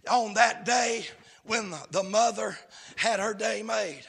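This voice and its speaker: A middle-aged man preaching a fervent sermon. He shouts with a sing-song cadence. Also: sits high, takes it slowly, vocal fry, slightly rough.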